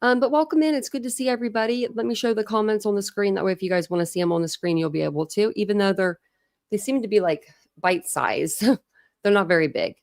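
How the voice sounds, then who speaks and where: A woman's voice: mid-range voice, fast, creaky, darkish tone, dry recording, clean studio sound. A woman from Ohio hosting a casual true crime livestream, chatty and laughing often as she greets viewers by name. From Ohio, USA. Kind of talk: casual live-stream chat.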